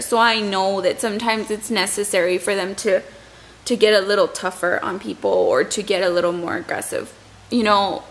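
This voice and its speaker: A woman's voice: medium pitch, a bit bright, rough recording. A young woman vlogger who is still shaken up, telling a long story in a rambling way and often repeating her words. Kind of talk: emotional storytime vlog.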